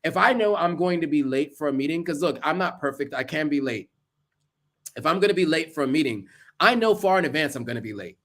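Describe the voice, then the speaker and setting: A man's voice: a little high, animated, a little fast, fairly bright tone. A man giving earnest, casual advice to camera, listing tips with asides along the way. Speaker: vlogger.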